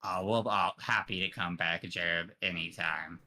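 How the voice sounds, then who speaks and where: A man's voice: sits low, steady tone, normal speed, sharp tone. A man playing a tabletop game, chatting playfully in character. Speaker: player. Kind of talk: casual in-character role-play.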